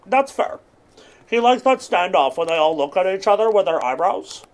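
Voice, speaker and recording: A man's voice: high-pitched, lively intonation, brisk. Man in his thirties rambling offbeat jokes. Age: 30s. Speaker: gaming video host. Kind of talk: absurdist comedy gaming commentary.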